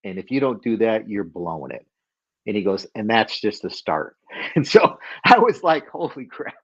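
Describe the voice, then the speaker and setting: A middle-aged man telling a story as a podcast guest, animated and acting out the voices of people he quotes. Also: fairly low pitch, moderate pace, breathy edge, dry recording, muffled recording.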